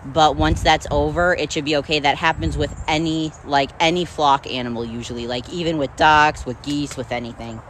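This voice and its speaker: A woman's voice: sits low, steady tone, normal speed, hardly any pauses. A woman chatting casually to the camera as a farm vlogger, full of fillers while she does her chores outdoors. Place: outdoors at a chicken coop. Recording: outdoor noise behind the voice.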